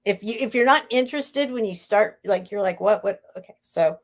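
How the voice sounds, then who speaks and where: A woman's voice: medium pitch, moderate pace. A woman casually chatting on a live stream as she hosts a vintage sale, rambling and laughing as she interrupts herself. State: near tears.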